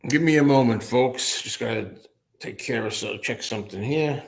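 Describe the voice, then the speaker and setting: A man hosting a relaxed livestream, reading out and answering viewer comments. His voice sits at a middle pitch for a man, and he talks in a loose, unscripted way. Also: moderate pace, vocal fry. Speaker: livestream host. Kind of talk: casual livestream chat.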